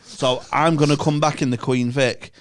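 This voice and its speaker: A man's voice: on the high side, steady tone, normal speed. A man in his thirties with a Manchester accent, a podcast guest telling bawdy stories and laughing mid-sentence. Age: 30s. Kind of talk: casual chat.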